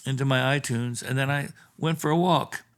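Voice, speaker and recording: A man who is a session and touring bassist, a podcast guest telling stories from the road in a casual, animated way and acting out the dialogue. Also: normal speed, clean tone. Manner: animated storyteller who acts out quoted dialogue. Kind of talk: casual storytelling in a podcast interview. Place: theatre space.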